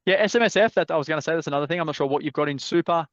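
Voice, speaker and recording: A man's voice: a little high, rapid-fire, crowd noise. An Australian man hosting a live property mentorship call, giving blunt, laid-back advice and swearing freely. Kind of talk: casual advice chat. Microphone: video call. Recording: dull, dry video-call audio.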